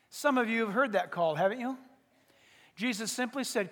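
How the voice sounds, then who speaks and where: A male pastor preaching a sermon, emphatic, often pausing to say "listen" to press his points. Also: extremely high pitch, fairly bright tone. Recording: reverberant hall.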